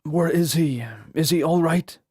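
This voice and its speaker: Brief: subdued, weary young king, read by a man, slow and mellow. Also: a little high, fairly even intonation, no room sound, studio quality, pitched above the performer's own voice. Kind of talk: audiobook character voice.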